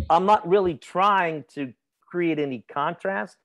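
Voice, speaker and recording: A man with a fairly high voice teaches grammar to a class. He keeps it chatty and informal. He stops to put questions to his students and laughs easily. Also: unhurried. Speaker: instructor.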